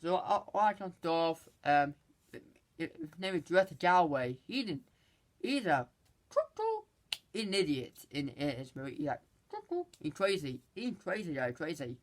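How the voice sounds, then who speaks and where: A movie reviewer casually recapping a film, rambling and halting, with many restarts and exasperated asides. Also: medium pitch, animated.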